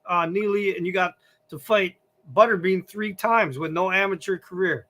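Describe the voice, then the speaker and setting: A man's voice: sits high, normal speed, pushed and bright. A man hosting a boxing podcast, reading out numbered questions to his guest. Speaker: podcast host. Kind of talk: interview questions.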